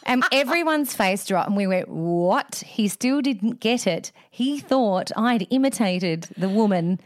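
A woman with an Australian accent, co-hosting a podcast and telling a story in an animated, laughing way. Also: fairly high pitch, measured pace, no room sound, studio quality. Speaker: podcast co-host. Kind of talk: casual storytelling chat.

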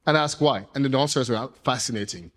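A man, an entrepreneur, speaking casually to an audience, telling animated, rambling stories with playful swearing. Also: medium pitch, quick pace. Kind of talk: casual storytelling talk. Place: event room with audience.

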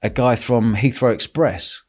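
A man hosting a podcast, telling a lively story with lots of laughter and quoted voices. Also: mid-range voice, unhurried. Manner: animated, laughing, acts out quotes. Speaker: podcast host. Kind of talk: casual storytelling chat.

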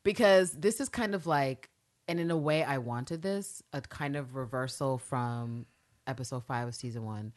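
A woman's voice: extremely low pitch, moderate pace. A woman in casual TV review chat, animatedly acting out characters' lines and swearing freely. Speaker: podcast co-host.

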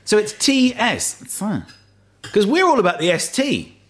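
A man with a London accent chats over a dinner table, spinning stories with playful mock grandeur. His pitch swoops up and down with lively animation. A faint hiss of noise sits in the background. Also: measured pace. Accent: London English. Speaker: dinner guest. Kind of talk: casual chat over dinner.

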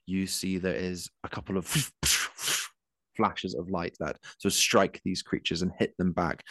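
A man with a low voice runs a tabletop game as game master, describing the action in a loose, searching way full of ums. His voice is deep and sits in a dry, close space. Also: no echo. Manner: descriptive, with frequent um and uh.

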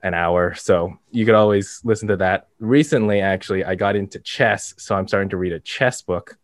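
A man's voice: low voice, steady tone, normal speed, dry recording. A man co-hosting a casual podcast, a comedian with an easygoing, dry delivery. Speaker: comedian co-host.

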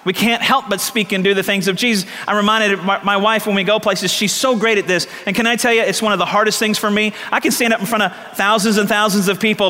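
A pastor preaching a sermon, telling stories and repeating lines for emphasis. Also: male voice, high voice, pushed and bright. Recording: long hall reverb.

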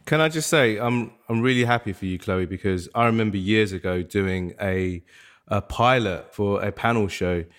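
Low-voiced man giving effusive praise. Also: normal speed, fairly bright tone, clear, resonant tone. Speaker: podcast guest. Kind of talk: candid podcast conversation.

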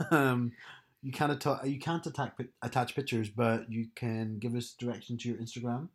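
A man's voice: mid-range voice, level tone, normal speed. A man co-hosting a podcast, chatting casually with dry, teasing humor. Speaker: podcast co-host. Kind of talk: casual chat.

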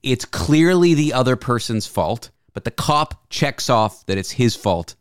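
A man's voice: medium pitch, animated, unhurried, clean tone, no room sound, clean studio sound. A male radio host in casual chat, teasing his guest with wry jokes.

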